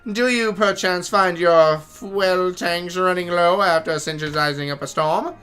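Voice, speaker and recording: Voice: mid-range voice, unhurried, fairly bright tone, smooth, faint music behind, lightly acted. A gamer voicing a pompous male scientist in a put-on German accent, reading game dialogue aloud in a formal, lecturing way.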